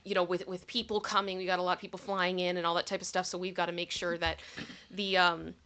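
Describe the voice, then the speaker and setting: Woman, livestream host, bright tone, chatty and thankful, casual delivery. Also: on the low side, level tone, fast. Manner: chatty, thanks viewers by name, gets giggly.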